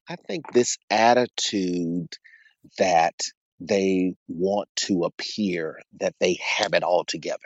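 A man counseling and coaching men, telling a personal story as an interview guest in a quick, animated way, repeating phrases as he goes. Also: low-pitched, no room sound, highs cut off. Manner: animated, rapid storyteller who repeats phrases and addresses the host by name.

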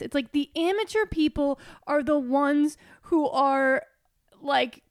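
A woman's voice: high voice, slow, no room sound, clean studio sound. A woman in casual podcast chat, speaking candidly and with emphasis. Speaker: podcast co-host.

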